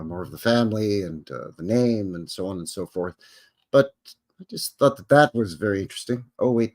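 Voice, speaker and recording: A man hosting a live stream, reading an article aloud and breaking off into casual, rambling asides full of fillers. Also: low voice. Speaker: host. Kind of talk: reading aloud and commenting on a livestream.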